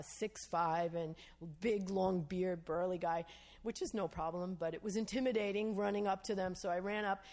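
A woman preaching a sermon in a voice of middle pitch. She tells a story and acts out the dialogue in it. She keeps asking her listeners to agree. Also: a little mellow. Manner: storytelling, acts out quoted dialogue, asks the audience "Amen?". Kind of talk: sermon testimony.

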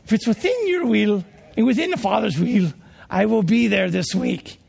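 A man doing an English accent for a gentle, devout old Englishman, with a creaky voice. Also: high voice, animated, moderate pace, full character voice. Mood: courteous. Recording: long hall reverb.

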